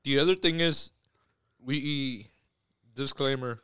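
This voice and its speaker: Bright, teasing podcast guy. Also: medium pitch, a little slow, smooth, no echo, clean studio sound. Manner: teasing, laughing. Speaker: podcast co-host. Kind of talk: casual chat.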